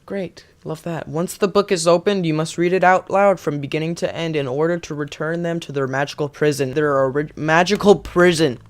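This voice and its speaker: A man playing a horror game and reading its text aloud, excitable and quick to gasp and laugh. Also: on the high side, slight background noise. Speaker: gaming YouTuber.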